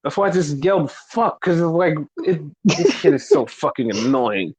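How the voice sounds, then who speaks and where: A man's voice: fairly high pitch, lively intonation, moderate pace, a little mellow, husky, low-quality recording. A man co-hosting a wrestling podcast, ranting with heavy swearing and exasperation, mocking fans in quoted voices. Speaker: podcast co-host.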